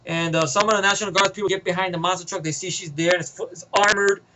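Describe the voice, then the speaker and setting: एक आदमी अपनी फ़िल्म की कहानी बिखरे, बेलौस, गालियों भरे अंदाज़ में सुनाता है, बीच-बीच में "उह", "लाइक" जैसे भराव शब्दों के साथ।. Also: male voice, high voice, fairly even intonation, quick pace, pushed and bright, a little hiss or hum, rough recording. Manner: rambling, profane, filler-heavy. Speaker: vlogger. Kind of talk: casual retelling of a movie idea.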